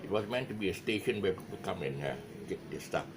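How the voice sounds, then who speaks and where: A man's voice: low-pitched, lively intonation, quick pace, background noise. A man with a Malaysian English accent, teaching guitar in a casual, rambling way with many fillers and restarts. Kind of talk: casual video lesson talk. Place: his music shop.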